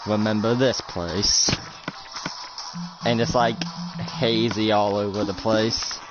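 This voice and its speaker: A man's voice: lowish voice, level tone, slow pace. A young man narrating a casual game roleplay, rambling with lots of fillers. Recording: lo-fi recording with music behind.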